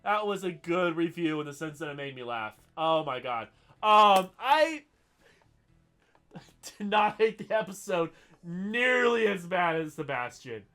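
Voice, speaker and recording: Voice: medium pitch, sing-song, unhurried, bright, forceful tone, soft background music. A podcast host with a scratchy throat, chatting casually on a solo show, rambling with lots of fillers and giggles.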